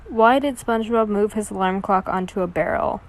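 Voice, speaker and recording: A woman's voice: medium pitch, fairly quick, poor audio. A woman reading corny jokes aloud and groaning at her own puns. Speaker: joke teller.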